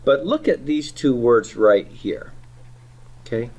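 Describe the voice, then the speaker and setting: A middle-aged man lectures on grammar in a patient classroom manner. His voice sits at an ordinary pitch. He keeps checking on his students with short questions. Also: very animated, slow pace, darkish tone. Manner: patient, checks in with "okay?" and "right?". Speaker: Hebrew teacher.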